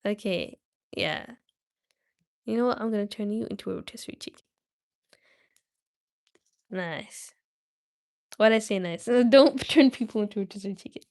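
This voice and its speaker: A woman chats with her livestream viewers while reading a story aloud, pausing often as she goes. She speaks at a moderate pace in a mid-range, slightly mellow voice.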